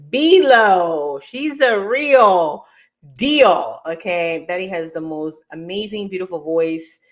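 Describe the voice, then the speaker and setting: Female host from New York, upbeat and self-deprecating, loose chatty delivery. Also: fairly low pitch. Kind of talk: casual live show chat.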